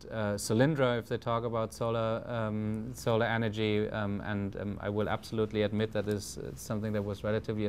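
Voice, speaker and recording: A man's voice: lowish voice, slight background noise. A man with a German accent giving a conference talk, hesitant, with many fillers and restarts. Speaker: panel speaker.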